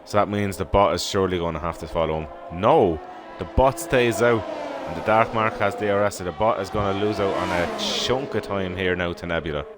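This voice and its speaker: An Irish man giving live sim racing commentary in steady, informal play-by-play. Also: low-pitched, quick pace, few pauses, background noise. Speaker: race commentator. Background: background music.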